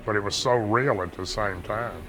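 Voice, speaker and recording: A man's voice: fairly low pitch, normal speed, rough recording. A man earnestly recounting a frightening night encounter as an eyewitness, rambling and restarting as he talks. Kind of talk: interview testimony, recounting an encounter.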